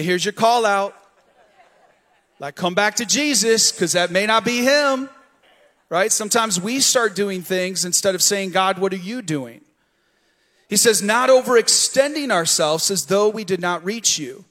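High-voiced man preaching in a reverberant hall. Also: a bit bright. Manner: preaching with call-and-response prompts. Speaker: pastor. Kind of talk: sermon. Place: church sanctuary.

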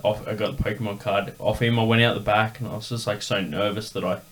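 A man's voice: lowish voice, steady tone, quick pace, a little hiss or hum. A man hosting a podcast, telling a rambling story in casual chat with lots of fillers. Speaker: podcast host.

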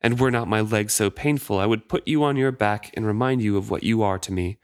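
A man's voice: fairly low pitch, brisk, clean tone, no room sound, clean studio sound, natural voice. A man reading the lines of a proud, cruel male pirate captain in a book discussion podcast, with little change from his own voice.

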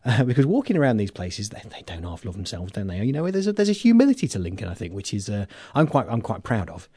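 A male podcast host from England talks in a jokey, rambling way, full of fillers. His voice is mellow and a little husky, and his pitch swings a lot. It sounds close and dry. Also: big pitch swings, fast talker, no room sound. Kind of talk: casual chat.

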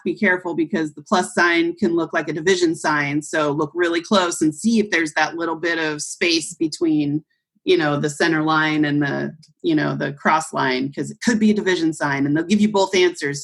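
A woman's voice: low voice, fairly bright tone, slightly rough. A young adult woman on a podcast, telling a story casually and acting out the voices of people she quotes. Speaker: podcast co-host.

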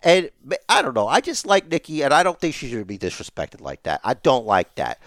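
A man's voice: mid-range voice, huge pitch swings, fairly quick, a bit bright, no echo, studio quality. A middle-aged man co-hosting a casual wrestling podcast, ranting emphatically and swearing as he argues. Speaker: podcast co-host.

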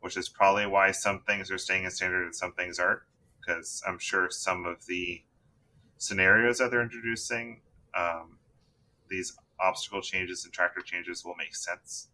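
A man hosting a casual tabletop gaming podcast, talking in a relaxed, rambling way with many fillers. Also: low voice, normal speed, a little hiss or hum. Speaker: podcast host. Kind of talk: casual chat.

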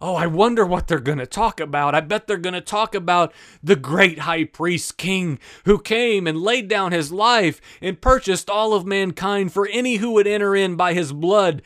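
Fervent high-voiced male preacher. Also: normal speed, few pauses. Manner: fervent, emphatic, swinging between urgent and hushed. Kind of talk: impassioned sermon.

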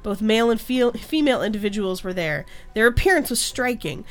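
Casting: woman podcast host, a bit high, reads text aloud and laughs at it often. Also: lively intonation, brisk, soft background music. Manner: frequent laughter, mocking asides. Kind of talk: casual chat, reading a text aloud.

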